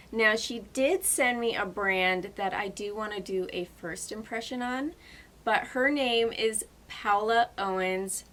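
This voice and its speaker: Gushing young woman beauty vlogger. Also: fairly high pitch. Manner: gushing, excitable, emotional. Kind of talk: casual chat to camera.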